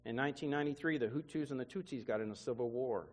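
A man's voice: mid-range voice, rapid-fire, darkish tone. A man preacher telling an emotional testimony in a sermon, often repeating words as he goes. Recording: long hall reverb.

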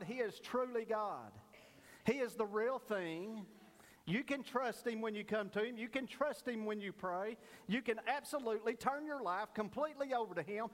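Brief: male pastor, folksy storyteller turned earnest preacher, high-pitched voice, church reverb. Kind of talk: sermon with a told joke.

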